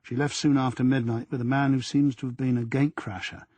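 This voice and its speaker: A man's voice: mid-range voice, little pitch movement, quick pace, darkish tone, no echo, close to an everyday voice. A man voicing an earnest, deferential young male detective sergeant in an audiobook. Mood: reporting.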